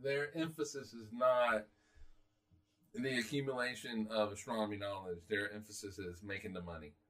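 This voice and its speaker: A man with a somewhat low voice chats as a podcast co-host. He talks in an opinionated, halting way, stopping and restarting his sentences and letting out the odd sigh. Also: fairly even intonation, fairly bright tone. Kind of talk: casual chat.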